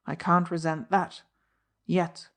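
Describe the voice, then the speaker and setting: A woman reads a defiant young Englishman posing as a chauffeur. The tone is insolent and sneering, in a lowish voice that speaks loudly. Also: little pitch movement, slow.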